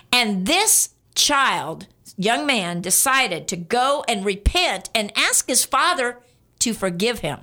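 A woman's voice: on the high side, very animated, takes it slowly, sharp tone. A woman preacher giving a sermon, speaking earnestly and directly to her listeners and repeating key points for emphasis.

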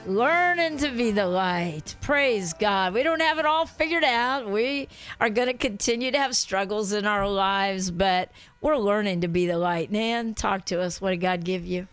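A woman's voice: mid-range voice, normal speed, hardly any pauses, a bit bright, clear, resonant tone, faint music behind. A woman pastor hosting a Christian talk show, exuberant and full of praise exclamations.

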